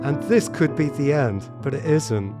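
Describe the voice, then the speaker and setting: A man teaching a piano piece in a relaxed tutorial, talking thoughtfully and often restarting his sentences. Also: on the high side, a little slow. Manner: thoughtful, hesitant, repeats words when starting. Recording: piano playing in the background. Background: piano played between remarks.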